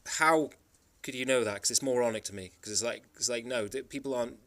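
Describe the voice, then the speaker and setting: A man's voice: medium pitch, quick pace, a bit bright. A man from the Isle of Man telling travel stories in a rambling, emphatic monologue. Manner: rambling, emphatic storytelling with frequent restarts. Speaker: travel vlogger. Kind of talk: casual monologue.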